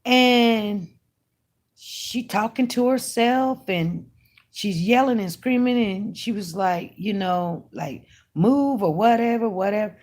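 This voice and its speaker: A woman's voice: mid-range voice, slow pace, darkish tone. A woman who runs an online news channel, chatting emphatically and casually to her viewers as she tells a story. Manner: chatty, emphatic, talks straight to her audience.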